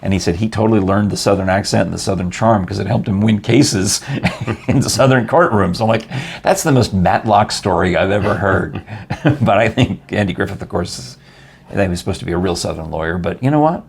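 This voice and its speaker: Gravelly low-voiced older male host. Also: a little fast, darkish tone. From New York. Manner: chatty, rambling, laughs often. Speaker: talk show host. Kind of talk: casual interview chat.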